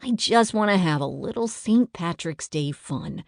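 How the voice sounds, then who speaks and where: A woman's voice: fairly low pitch, expressive, measured pace, no room sound, clean studio sound. A woman reading a children's audiobook, voicing a mischievous young schoolboy who talks slyly and teasingly. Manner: sly, teasing. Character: mischievous troublemaking young boy. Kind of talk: audiobook character voice.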